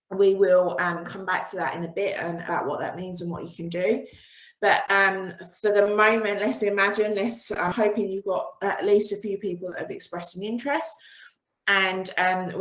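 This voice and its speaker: Woman, business coach on a video call, mid pitch, cheerful and encouraging, echoey room. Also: fairly bright tone. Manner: upbeat and encouraging, laughs often. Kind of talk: online training session. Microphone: video call with screen sharing.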